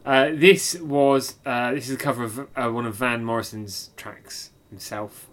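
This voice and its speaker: A man hosting a casual album review chat, easygoing and presenter-like, often pausing on fillers. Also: mid-range voice, fairly even intonation, fairly bright tone. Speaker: podcast host.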